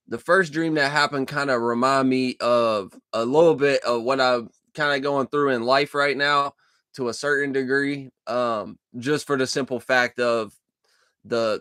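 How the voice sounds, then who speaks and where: A man hosting a casual dream-journal vlog from a dark room at his computer, talking into a desk microphone in a rambling, profane way with lots of fillers and restarts. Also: mid-range voice, clean tone, dry recording, clean studio sound. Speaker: channel host.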